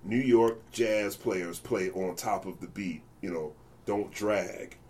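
A man's voice: deep voice, takes it slowly, slight background noise. A man telling stories in a casual interview, acting out other people's voices as he goes. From United States. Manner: animated, acts out voices in anecdotes. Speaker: jazz bassist guest.

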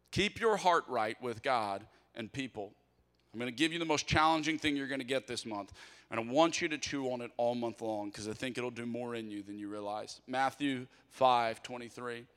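Male pastor, bright, forceful delivery, conversational sermon, long church reverb. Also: medium pitch. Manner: energetic, conversational, acts out prayers and quotes in quick asides. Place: church auditorium.

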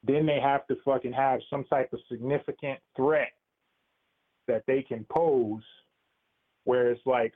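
A man's voice: medium pitch, fairly even intonation, unhurried. A man calling in to a talk show, slangy and profane, speculating offhand. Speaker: caller. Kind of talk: casual call-in chat. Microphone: phone call. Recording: tinny phone line.

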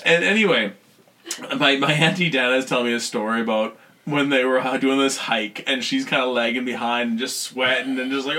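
A young man from western Canada telling long, animated stories in casual chat, often bursting into loud quoted voices and laughter. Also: mid-range voice, fairly quick. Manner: animated storyteller, laughing, shouting voices of people in his stories.

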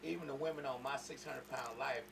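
A man's voice: medium pitch, a little fast, creaky, distant mic. A man co-hosting a podcast, tossing in short reactions and questions in casual chat. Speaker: podcast co-host. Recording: noisy podcast recording with clicks.

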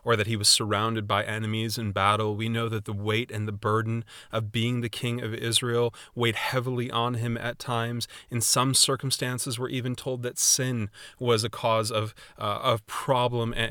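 A man preaching a sermon in a measured, earnest way, with readings from scripture. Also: medium pitch, pushed and bright, no echo, clean studio sound. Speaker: pastor.

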